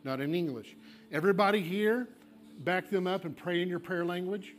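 A man's voice: high-pitched, normal speed. A man, a pastor, leading an altar call and fervent prayer in a coaxing, repetitive way. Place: church sanctuary.

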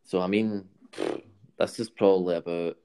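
A Scottish man tells a story in a loose, rambling way, checking in with his listener as he goes. His voice is very low and mellow, with a soft, dark tone. It sounds like an easygoing podcast chat. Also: fairly even intonation, normal speed, smooth. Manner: rambling anecdotal delivery with frequent "right?" and laughs.

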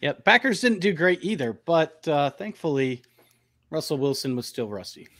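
A man co-hosts a live podcast in a relaxed, easygoing way. He banters lightly and gives his opinions in plain, conversational speech. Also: fairly high pitch, moderate pace. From northern United States. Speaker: podcast co-host. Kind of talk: casual live-stream chat.

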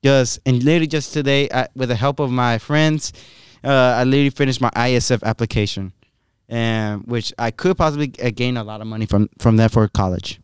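A man's voice: mid-range voice, brisk, clear, resonant tone, dry recording, studio quality. A teenage boy, the club's vice president, chatting casually and rambling with many restarts. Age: teens. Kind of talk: casual chat.

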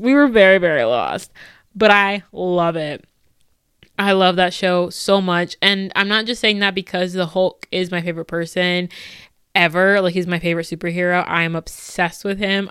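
A woman's voice: mid-range voice, clean tone, no echo. Young woman chatting solo on her podcast, fangirling and laughing a lot, clean dry mic. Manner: gushing, laughing, animated fangirling. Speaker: podcast host. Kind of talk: casual solo podcast chat.

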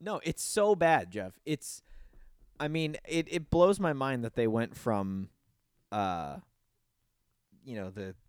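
Animated man ranting on a podcast. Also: slow pace, long pauses, smooth, no room sound, studio quality. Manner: animated, swearing, mimics lines in a high voice. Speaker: podcast host. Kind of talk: casual podcast chat.

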